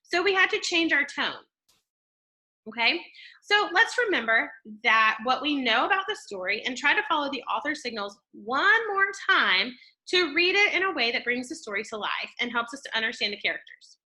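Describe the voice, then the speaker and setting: High, lively woman teacher. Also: moderate pace. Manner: explanatory, checks in with "okay?" and "right?"; expressive, shifts tone to model reading. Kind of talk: classroom reading lesson.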